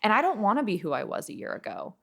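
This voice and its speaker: A woman's voice: medium pitch, big pitch swings, quick pace, gravelly, fairly bright tone. A woman from Washington state, a beauty brand founder, talking in a heartfelt podcast interview in an earnest, reflective way, often restarting her sentences. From Washington, USA. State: emotional, near tears.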